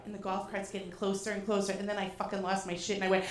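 A woman from Boston telling a comic personal story, animated and profane with self-mocking asides, in a live show venue. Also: mid-range voice, very fast, few pauses, slight background noise. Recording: roomy echo.

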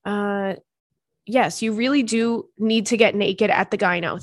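A woman podcast host in her thirties, chatting frankly and swearing freely as she reads out listener letters. Her voice sits at an ordinary middle pitch. The sound is dry and close, with no room echo. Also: fairly bright tone. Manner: candid, swears freely, quick asides. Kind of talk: casual chat, reading listener letters.

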